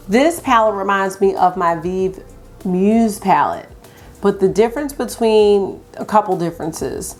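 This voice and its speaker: A young adult woman hosts a casual makeup review from home. She talks in a chatty, enthusiastic way at a middle pitch. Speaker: beauty vlogger.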